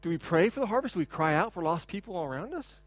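A man in his thirties preaching a sermon as a pastor, talking in a loose conversational way with repeated words and sudden loud bursts when he imitates a child. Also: high voice, quick pace, no echo. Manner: animated preaching, shouts to imitate a crying child. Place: church hall.

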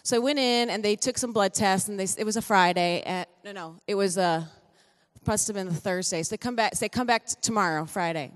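Middle-aged woman, relaxed testimony at church, talkative and self-correcting, long hall reverb. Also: mid-range voice, brisk. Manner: chatty, self-correcting storyteller with light laughs. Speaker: pastor's wife giving a testimony.

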